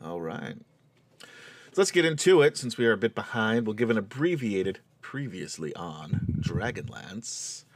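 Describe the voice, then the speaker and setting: A man's voice: lowish voice, big pitch swings, measured pace, dry recording. Chatty man running a tabletop game. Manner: chatty, laughing, lots of fillers. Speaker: game master. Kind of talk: hosting and narrating a tabletop game stream.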